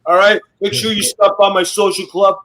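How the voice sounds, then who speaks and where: A man guesting on a talk show, ribbing the hosts in a gruff, swear-heavy mobster-style banter. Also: high-pitched, level tone, moderate pace, fairly bright tone. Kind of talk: profane roast-style ribbing and storytelling.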